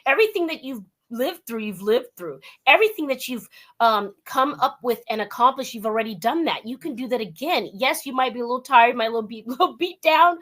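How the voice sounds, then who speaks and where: A woman from Southern California hosting a casual talk show interview, animated and laughing often, calling her guest "dear". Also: fairly high pitch, a little fast.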